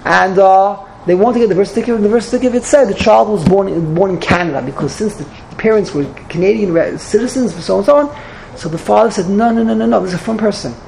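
Animated woman teaching a Torah lecture. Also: quick pace, gravelly, slight background noise, low-quality recording. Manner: animated storytelling, sudden high exclamations; mixes Hebrew and Yiddish terms.

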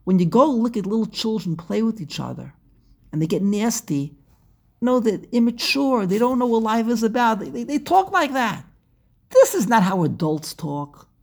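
A woman teaching scripture in an emphatic, impassioned way. Her voice is husky and mid-pitched, and she pushes her points with rhetorical questions, dropping low and then climbing loud. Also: animated, normal speed. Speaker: Torah teacher. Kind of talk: impassioned religious lecture.

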